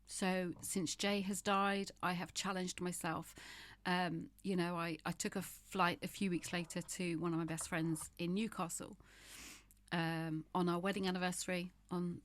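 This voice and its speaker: A woman's voice: on the low side, dry recording. Frank, emphatic woman in her fifties. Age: 50s. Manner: frank and emphatic, with wry humor. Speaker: guest. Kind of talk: candid interview conversation.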